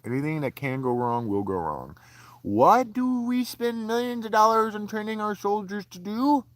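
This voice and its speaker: A man of around forty hosts a raw, profane rant, dropping to low grumbles and then climbing into heated bursts. His voice sits fairly high for a man. It sounds close and dry, with no room ring at all. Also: no room sound. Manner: profane, heated, swinging from low mutters to raised outbursts. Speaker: podcast host. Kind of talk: casual ranting monologue.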